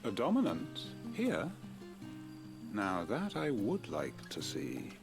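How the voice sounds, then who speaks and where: An actor playing a formal middle-aged go-between in a fantasy game, speaking in a measured, deliberate way. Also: male voice, lowish voice, wildly swooping pitch, gravelly, exaggerated voice. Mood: calm. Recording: game audio with music behind.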